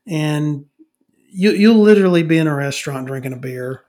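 A man's voice: a little high, lively intonation, normal speed, a little mellow. A middle-aged man on a comedy podcast, ranting and rambling with constant swearing and many restarts.

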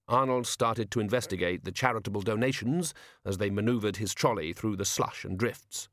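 A man reading a novel aloud as an audiobook narrator, with wry, expressive storytelling. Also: lowish voice, normal speed, no echo, clean studio sound. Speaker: audiobook reader. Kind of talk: scripted narration.

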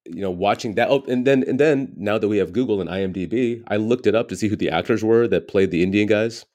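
A man's voice: fairly low pitch, fast talker, darkish tone. An American man in his forties, a comedian telling candid stories in a casual interview, peppering his talk with "you know.". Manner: candid, reflective storytelling with frequent "you know". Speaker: stand-up comedian, guest.

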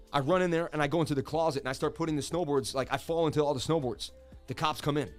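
An excitable streamer man telling a story. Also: fairly high pitch, quick pace, faint music behind. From Boston area, US. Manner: excited, repetitive, talks to viewers directly. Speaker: crypto market streamer. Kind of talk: animated storytelling on a livestream.

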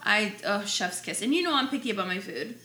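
Blunt woman co-host, bright voice. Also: mid-range voice, animated, brisk, reverberant. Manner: blunt, emphatic, slightly tipsy. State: slightly slurring from wine. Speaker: podcast co-host. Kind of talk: casual chat.

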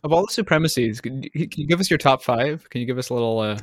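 A Canadian man co-hosting a comics podcast, chatting in a rambling, self-deprecating way with plenty of fillers. His pitch is mid-range, and he sounds dry and close to the mic. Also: quick pace, no room sound. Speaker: podcast co-host. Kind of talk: casual comedic podcast chat.

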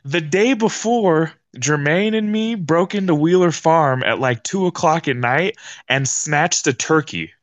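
A man's voice: on the high side, measured pace, dry recording. Young male podcast guest, casual slangy storyteller, dry sound.

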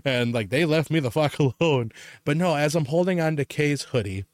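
A man's voice: fairly high pitch, moderate pace, no room sound, studio quality. Swearing, laughing young man telling stories. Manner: swears a lot, laughs often, animated storytelling. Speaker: podcast co-host. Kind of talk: casual chat.

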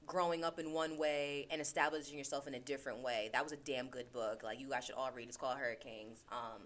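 A woman who is a podcast host and teacher speaks fast in a bass voice with a steady tone, recorded on a laptop mic. She talks casually and earnestly about self-reflection, repeating phrases for emphasis.

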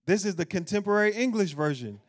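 A man's voice: high voice, expressive, quick pace. A man preaching a sermon as pastor, speaking animatedly to his congregation and the people watching online. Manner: loud, emphatic reading of scripture verses.

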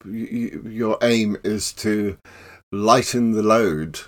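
An older man, a professional clown telling stories in a relaxed interview. He laughs often and acts out the voices in his tales. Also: on the low side, takes it slowly. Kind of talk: casual storytelling interview.

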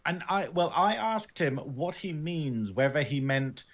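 A man's voice: on the high side, lively intonation, unhurried. A man with a northern English accent, co-hosting a fan podcast, who teases and rambles casually and laughs often. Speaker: podcast co-host. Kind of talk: casual chat.

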